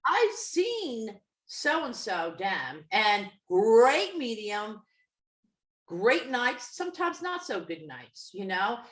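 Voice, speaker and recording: A woman with a New Jersey accent, co-hosting a podcast, telling a story in a lively way, acting out the people in it and laughing often. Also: medium pitch, takes it slowly, reverberant. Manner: animated, acts out quoted people, laughs often. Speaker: podcast co-host, medium. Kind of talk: casual storytelling chat.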